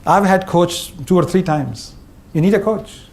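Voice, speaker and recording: A man's voice: high-pitched, measured pace, darkish tone. A middle-aged man with an Indian English accent gives a humorous conference talk, wry and punchy, often acting out the voices of the people he quotes. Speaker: speaker, former CEO.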